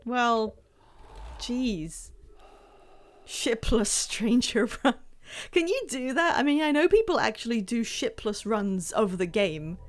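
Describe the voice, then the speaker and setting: Excitable high-voiced woman streamer. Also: slow pace. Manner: chatty, excitable, laughs at herself. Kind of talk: casual live-stream chat while gaming.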